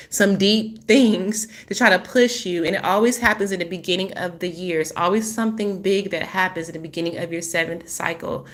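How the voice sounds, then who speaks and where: A spiritual healing vlogger with a medium-pitched voice tells a painful personal story, halting and emotional with many restarts. She then turns to offering her viewers encouragement.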